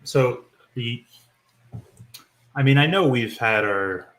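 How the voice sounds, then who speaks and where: A man co-hosting a podcast, asking slow, probing questions and giving brief agreement. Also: medium pitch, animated, fairly bright tone, reverberant. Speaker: podcast co-host. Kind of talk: casual conversation.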